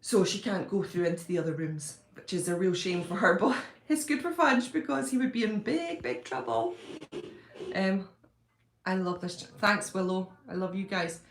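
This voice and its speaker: A woman hosting a casual live stream from home, chatty and effusive, laughing easily as she talks. Her voice sits at a medium pitch, and the room around her sounds noticeably echoey. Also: very animated. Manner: chatty, bubbly, quick to gush and laugh. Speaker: livestreaming fan-channel host. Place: at home, indoors.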